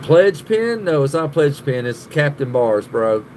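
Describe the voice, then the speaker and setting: A man's voice: a little high, big pitch swings, a little slow, darkish tone, a little hiss or hum. A man hosting a live stream, chatting casually with viewers, swearing a lot, laughing often and rambling.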